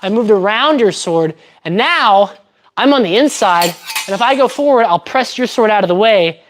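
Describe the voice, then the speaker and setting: A woman's voice: medium pitch, lively intonation, moderate pace. A woman chatting casually on a livestream while training fencing, thinking aloud and explaining technique step by step. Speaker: fencer streaming her training.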